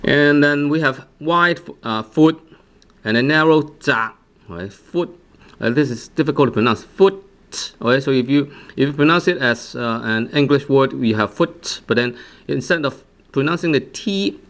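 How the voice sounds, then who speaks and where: Man, language teacher, halting delivery, drills words again and again. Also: medium pitch, fairly bright tone. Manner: hesitant, many fillers and repeated drilled words. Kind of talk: language lesson.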